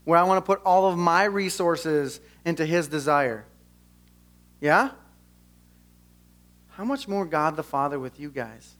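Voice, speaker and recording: A man's voice: fairly high pitch, expressive, unhurried, long pauses. A young man preaching earnestly at a church service, chatting casually with the congregation and then leading a prayer. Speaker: pastor. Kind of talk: sermon and closing prayer. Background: soft guitar music.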